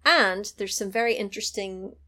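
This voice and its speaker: A woman in casual podcast chat, recapping a film with lively, chatty storytelling. Her voice sits at an ordinary middle pitch. She now and then leaps upward when she acts out a line. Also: normal speed. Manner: animated storytelling, acting out lines in a high voice.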